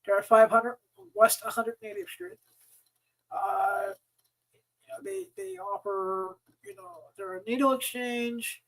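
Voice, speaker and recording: A man's voice: extremely high pitch, lively intonation, slow pace, creaky, fairly bright tone, low-quality recording. A man hosting his own podcast, ranting angrily and swearing often. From United States. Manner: angry, exasperated, swearing often. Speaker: podcast host. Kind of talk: profane ranting monologue.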